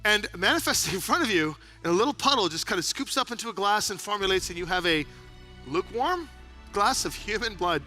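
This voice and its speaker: A man narrating as game master of a live tabletop game, animated and quick to laugh. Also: high voice, faint music behind.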